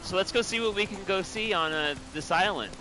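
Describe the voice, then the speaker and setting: A man chatting excitedly to viewers while playing a video game. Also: sits high, fairly quick, noisy background. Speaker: game streamer. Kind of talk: casual gameplay commentary.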